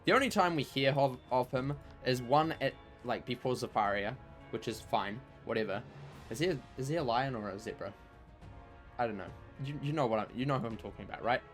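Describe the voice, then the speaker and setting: Over soft background music, a man on a game livestream talks briskly in a medium-pitched voice. He rambles casually, filling his speech with plenty of "like" and "you know."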